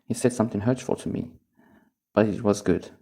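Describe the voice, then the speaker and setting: In a relaxed solo recording made while high on cannabis, a fairly quick-talking English teacher whose first language is Arabic drifts from thought to thought, chuckling as he goes. His voice is low and dark, with gravelly vocal fry throughout this casual monologue.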